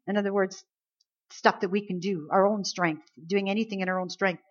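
A woman's voice: mid-range voice, steady tone, moderate pace, highs cut off. Woman preaching a conversational sermon. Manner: conversational preaching, rising into acted pleas and complaints.

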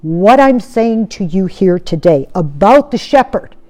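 A woman delivers a sermon with a warm, mellow tone. She talks earnestly and keeps posing questions to her listeners. Her voice often falls away to something soft and quiet. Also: mid-range voice, animated, a little slow. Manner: earnest, asks rhetorical questions, often drops to soft tones. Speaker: preacher.

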